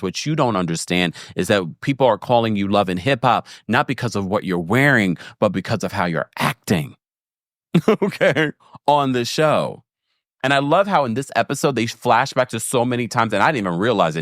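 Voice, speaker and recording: Animated man recapping reality TV. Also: no room sound, studio quality. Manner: animated, jumps into high mocking voices when quoting people. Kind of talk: casual recap commentary.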